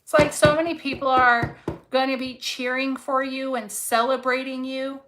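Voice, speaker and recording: A woman gives a casual tarot reading to camera, fervent and encouraging, swearing freely and repeating words for emphasis. Her high voice keeps a steady tone at a moderate pace, against heavy background noise.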